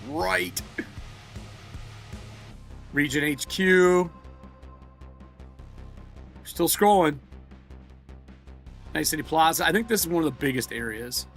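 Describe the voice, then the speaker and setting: A man's voice: fairly high pitch, animated, slow pace, pauses often, a bit bright, faint music behind. A man hosting a casual live stream, reading from a book aloud and riffing with profanity. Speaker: streamer host.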